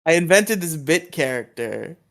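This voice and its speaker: A man with a somewhat high voice talks on a loose podcast. He stammers and restarts often and laughs easily while he explains things. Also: very animated, normal speed, creaky, fairly bright tone. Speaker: podcast co-host. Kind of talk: casual podcast chat.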